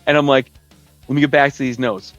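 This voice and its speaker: A man's voice: mid-range voice, fairly even intonation, a little fast, fairly bright tone, no echo, lo-fi sound, faint music behind. A man hosting a podcast from his basement, ranting with profanity in a casual, rambling way and acting out his friends in put-on voices. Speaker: podcast host. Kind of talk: casual comedic rant. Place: home basement gaming room.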